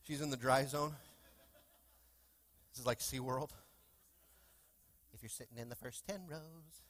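A man's voice: medium pitch, unhurried, fairly bright tone, no room sound. A male pastor preaching a sermon in a church, with call-and-response questions to the congregation and fervent bursts. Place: church sanctuary.

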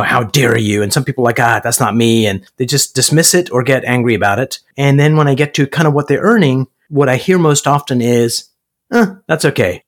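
Man hosting a podcast interview. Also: medium pitch. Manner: storytelling, acts out quoted voices. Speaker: podcast host. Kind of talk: conversational interview.

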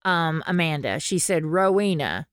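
A woman with a low, smooth voice hosts a casual podcast chat. She reads fan posts aloud and laughs easily. The sound is close and dry, with no room echo. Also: big pitch swings, a little slow. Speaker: podcast host.

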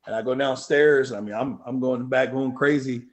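A man spins a story in an interview, casual and profane. He drops to low mutters, then bursts out loud. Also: steady tone, brisk. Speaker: guest.

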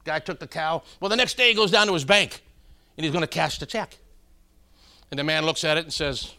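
A man's voice: on the high side, fast talker, pushed and bright. A middle-aged man preaching a sermon, telling folksy joke stories and calling out to his congregation. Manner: folksy storytelling, calls out to congregation.

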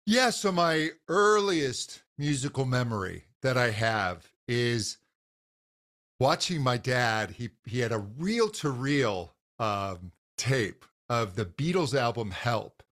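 A man's voice: medium pitch, lively intonation, takes it slowly, a bit bright. Man talking shop about voice teaching, casual, fired up, lots of ums. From grew up in a Scottish household. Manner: earnest, enthusiastic, many fillers and restarts. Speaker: voice teacher, podcast guest. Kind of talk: casual interview talk.

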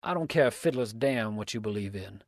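A man voicing a hot-tempered, cursing man who shouts his defiance at a rival. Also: fairly low pitch, animated, brisk, creaky, no echo, clean studio sound. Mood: scornful.

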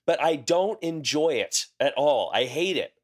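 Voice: medium pitch, expressive, a little slow, slightly rough. A podcast co-host chatting casually and wryly about a reality show. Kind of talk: casual chat.

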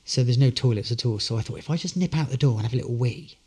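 A man's voice: mid-range voice, quick pace, mellow, slightly rough. An actor, a man, telling good-humoured, rambling anecdotes as a guest in a casual interview.

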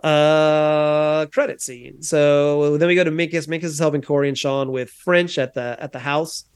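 A man's voice: on the high side, steady tone, clean tone. Chatty man recapping an episode. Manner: recounts scenes with quick acted-out quotes, many fillers. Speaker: podcast co-host. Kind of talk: casual recap chat.

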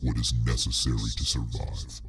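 A man voicing a cold, calmly menacing inhuman creature in a deep gravelly rumble, slow and matter-of-fact. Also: faint music behind, exaggerated voice.

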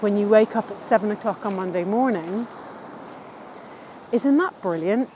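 A woman's voice: mid-range voice, lively intonation, normal speed, pauses often, noisy background. A woman answering interview questions in a casual, upbeat and chatty way, laughing now and then at her own wordplay. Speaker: interviewee sharing wellbeing tips.

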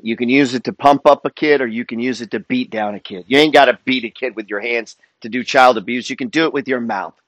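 A man's voice: mid-range voice, a bit bright, no room sound. A man giving a motivational monologue as a wealth and trading coach, emphatic and preacher-like, swearing freely.

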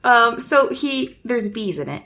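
A woman's voice: a little high, big pitch swings, unhurried, pushed and bright. A woman with a Midwestern American accent chatting casually as a podcast co-host, rambling with lots of "like" and dry sarcasm. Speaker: podcast co-host recapping a film. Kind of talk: casual chat.

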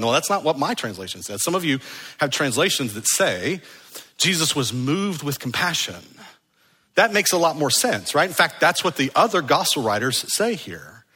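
A man's voice: fairly high pitch, bright, forceful tone, husky, in a large hall. A man preaching an earnest, conversational sermon that is full of rhetorical questions. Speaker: pastor.

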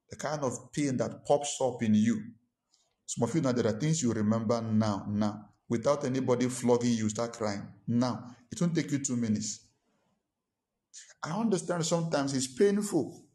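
A man's voice: medium pitch, warm tone. A man preaching a sermon as a pastor. He talks emphatically, repeats his points and acts out the people he quotes.

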